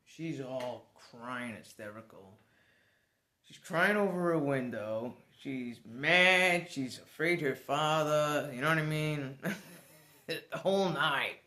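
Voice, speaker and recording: A man's voice: mid-range voice, pushed and bright. A man telling a personal story in a casual, rambling way, chuckling now and then. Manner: rambling, conversational, restarts, chuckles.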